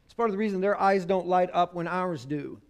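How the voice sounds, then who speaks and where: A man preaching a sermon on marriage, swinging from loud emphasis to hushed, intimate tones. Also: high voice, brisk.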